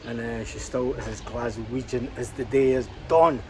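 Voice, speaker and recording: Scottish male vlogger, mid-pitched, chatty and incredulous, clear background noise in the recording. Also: steady tone, normal speed. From Scotland. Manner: chatty, keeps exclaiming in disbelief at prices. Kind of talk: casual vlog commentary. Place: shops and a car.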